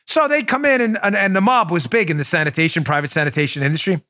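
Man, from New York, podcast host, combative, sarcastic monologue, slightly high voice, dry close sound. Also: quick pace, hardly any pauses, bright, forceful tone, no room sound. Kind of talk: opinionated talk show monologue.

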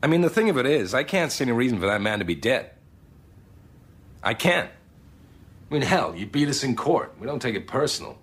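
A man's voice: medium pitch, sing-song, brisk, pauses often, a bit bright. An actor playing a street-smart male detective who talks a suspect round in a casual, coaxing, profane way.

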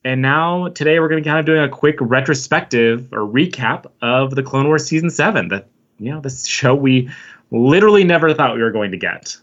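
A man's voice: mid-range voice, lively intonation, a little fast, fairly bright tone, highs cut off. A man hosting a casual podcast, chatty and joking, with lots of fillers. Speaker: podcast host.

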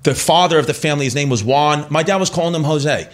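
Comedian guest, man, forties, slightly high voice, rambling storyteller who does voices. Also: fast, background noise. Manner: rambling, self-interrupting, breaks into laughter and impressions. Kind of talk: animated storytelling on a talk show.

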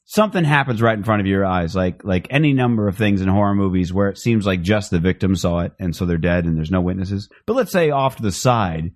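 A man's voice: brisk, hardly any pauses, no echo. A man chatting casually as a podcast co-host, telling stories animatedly and swearing freely. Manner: animated storyteller, acts out quotes in high voices; swears freely, many fillers. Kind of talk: casual chat.

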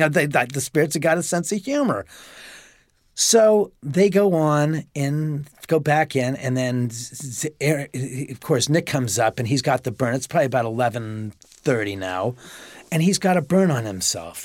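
A man telling a story as a podcast guest, animated and profane, acting out the dialogue. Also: medium pitch, normal speed, no room sound. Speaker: homeowner guest.

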